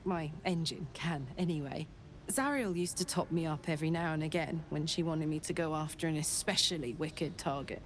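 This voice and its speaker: A woman's voice: sits low, moderate pace, a little hiss or hum, natural voice. A woman playing a brash, hearty tiefling warrior. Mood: upbeat. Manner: blunt, hearty and breezy. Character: brash cheerful female tiefling warrior with a fiery engine heart. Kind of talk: video game voice acting.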